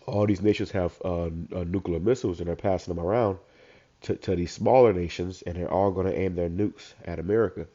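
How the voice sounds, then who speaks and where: Deep congested man preaching scripture. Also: steady tone, dark tone. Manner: reads verses slowly, then riffs in casual slang. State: congested, stuffed up. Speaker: street preacher. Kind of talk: informal scripture commentary. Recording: dull lo-fi recording.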